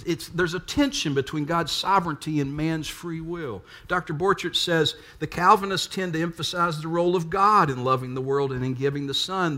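A man's voice: fairly high pitch, a bit bright. A man preaching a sermon, full of rhetorical questions to the congregation. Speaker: pastor.

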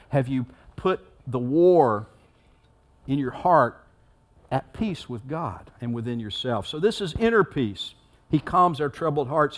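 A man giving a sermon as a pastor, preaching in a conversational way and acting out the story with rising intensity. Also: on the high side.

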